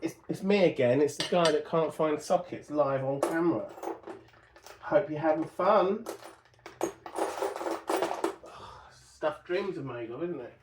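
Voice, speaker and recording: This man's voice is fairly high, and he speaks slowly with long pauses. Working on an old car in his home workshop, he chats casually to the camera, mutters to himself and makes self-deprecating jokes. Barking dogs and workshop noise fill the background.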